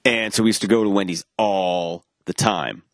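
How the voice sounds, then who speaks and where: A man's voice: low voice, normal speed, dry recording, clean studio sound. A man casually telling a long anecdote, acting out the quoted dialogue, rambling with restarts and the odd swear word. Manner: animated, acts out quoted dialogue; rambling with frequent restarts and profanity. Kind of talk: casual storytelling chat.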